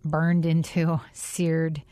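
A woman's voice: sits low, little pitch movement, warm tone, no echo. Earnest woman telling a personal faith story. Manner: earnest, reflective storytelling with pauses. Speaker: podcast host. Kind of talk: personal faith podcast talk.

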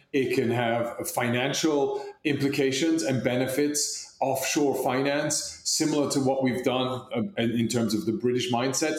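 A man's voice: medium pitch, a little mellow, reverberant. A man in casual podcast chat, rambling with many fillers and restarts. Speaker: podcast co-host.

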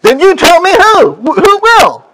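A male preacher voicing an indignant middle-aged woman who left his church, demanding and shrill. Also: expressive, fairly quick, noisy background. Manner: shrill, finger-wagging, demanding.

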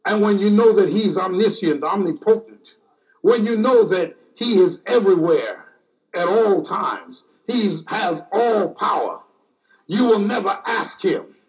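A man preaching a sermon in a slow, repetitive cadence, stacking refrains line after line. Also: high-pitched, expressive. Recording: distant mic.

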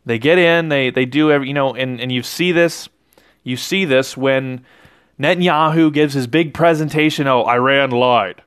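Male podcast host, fairly high voice, casual rambling commentary, dry room. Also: moderate pace, fairly bright tone, smooth, no echo. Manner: rambling, with frequent self-corrections. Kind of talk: casual political commentary monologue.

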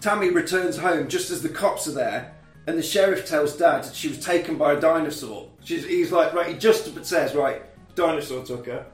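High-voiced man recapping a film. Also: moderate pace, distant mic. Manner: animated retelling, acting out characters' lines with laughs. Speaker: podcast co-host recapping a film. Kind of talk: casual chat. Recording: echoey room, off mic, faint music.

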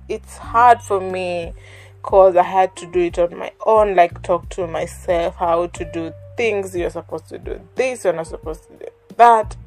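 A woman hosting her own podcast in a candid, emotional monologue, repeating words and swearing freely. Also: fairly low pitch. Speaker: podcast host.

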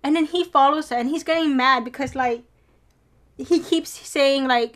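A young woman excitedly recapping a TV drama episode in casual chat, gushing and giggly. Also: high voice, normal speed.

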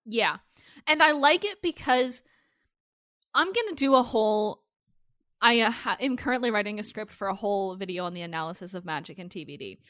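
A woman's voice: medium pitch, a little fast, no echo, clean studio sound. A woman hosting a podcast in casual chat, recapping a show animatedly and cursing freely. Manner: animated, swears freely, acts out characters' lines. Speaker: podcast host recapping episodes.

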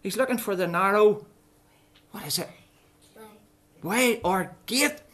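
A preacher tells a story to a group of children. The delivery is lively and playful, with questions put to the young listeners all the way through. The voice sits at an ordinary middle pitch. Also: takes it slowly. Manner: playful, animated, keeps asking the children questions. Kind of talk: children's Bible story talk.

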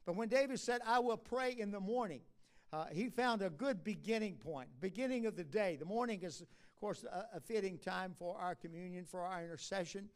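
A man preaching a sermon at a prayer conference, moving from quiet musing to loud, impassioned exhortation. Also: high-pitched, a little fast.

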